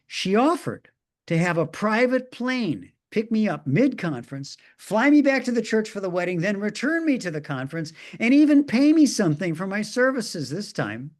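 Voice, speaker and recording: A middle-aged man preaching in a storytelling way, his voice sitting a little high for a man. He delivers the tale with a dry, ironic wit and lets his asides land quietly. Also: very animated, normal speed. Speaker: minister. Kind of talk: storytelling sermon.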